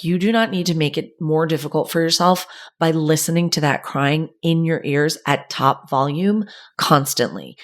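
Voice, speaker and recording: A young woman talks through a solo podcast episode in a loose, chatty way, often dropping fillers into her sentences. Her voice sits a little low for a woman. She sounds animated and conversational. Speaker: podcast host. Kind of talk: casual solo podcast talk.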